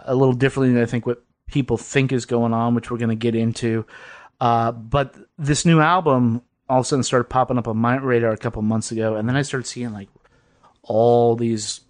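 A man hosting a casual podcast from a basement, his voice sitting at an ordinary pitch. He rambles loosely, swears freely and breaks into laughs. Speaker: podcast host. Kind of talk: casual chat.

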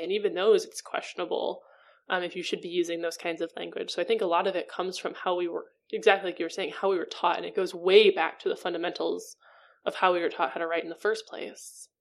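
A woman chatting casually as a podcast co-host, playful and a little rambling. Her voice sits lowish and crackles with heavy vocal fry. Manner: chatty, playful, uses lots of "kind of" and "um". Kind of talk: casual chat.

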